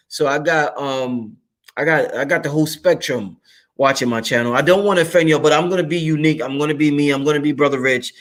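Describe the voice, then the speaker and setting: A man's voice: mid-range voice, a little fast. A man hosting his own channel, talking casually to his viewers in a freewheeling, emphatic and profane way. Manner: animated, shouts curse words for emphasis. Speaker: channel host. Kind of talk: casual monologue to camera.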